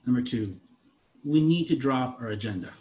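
A man in his thirties, a pastor, preaching a conversational sermon that moves between soft asides and emphatic lines. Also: mid-range voice, expressive, normal speed.

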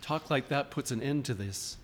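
A man's voice: medium pitch, normal speed, a little hiss or hum. A man preaching a sermon in a church, informal and questioning, often restarting his sentences. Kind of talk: conversational sermon.

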